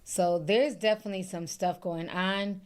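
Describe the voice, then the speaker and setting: A young woman reading text messages aloud in a steady, matter-of-fact way during a casual commentary chat. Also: mid-range voice, normal speed, clear, resonant tone.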